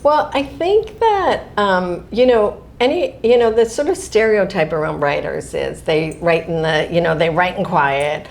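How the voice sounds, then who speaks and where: Middle-aged woman author, casual and animated interview guest. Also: lowish voice, measured pace, gravelly, hardly any pauses. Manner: animated, laughs often, talks in asides and restarts.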